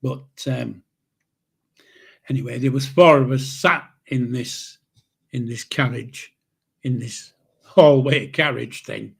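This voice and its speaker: A man, telling old memories in a rambling, halting way with chuckles. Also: medium pitch, creaky, breathy edge. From England. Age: 70s. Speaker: channel host, grandfather. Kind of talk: casual spoken memoir storytelling.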